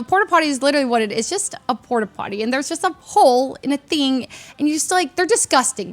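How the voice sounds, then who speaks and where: A woman with a fairly high voice chats casually on her stream. She tells her stories with a lot of animation and slips into other people's voices along the way. She is close on a desk microphone. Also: fairly bright tone. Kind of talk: casual chat.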